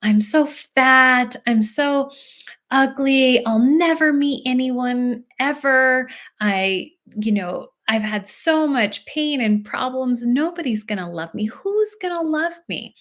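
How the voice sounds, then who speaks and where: Woman doing an insecure little kid, whiny and self-pitying, slightly raised pitch. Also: animated, slow, a bit bright, full character voice. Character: insecure young child putting herself down.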